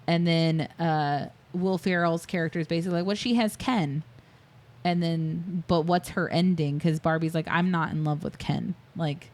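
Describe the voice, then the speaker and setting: A woman with a slightly low voice retells a film on a casual podcast. She piles up scene details, drops into quoted lines, and laughs easily between them. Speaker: podcast co-host. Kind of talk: casual movie recap chat.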